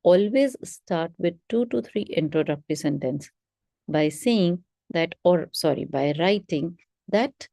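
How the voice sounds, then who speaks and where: Slow, mellow woman teaching a webinar. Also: on the low side, lively intonation, vocal fry, no echo, studio quality. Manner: instructive, stresses key words, slow model readings. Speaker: English test prep teacher.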